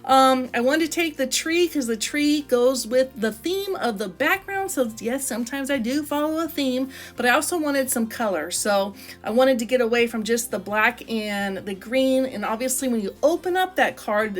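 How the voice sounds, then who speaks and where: With soft music playing, a woman chats through her craft book in a casual flip-through, demonstrating how she puts pages together. She sounds chatty and enthusiastic, peppering her talk with "like" and "I love," in a slightly high voice at a moderate pace.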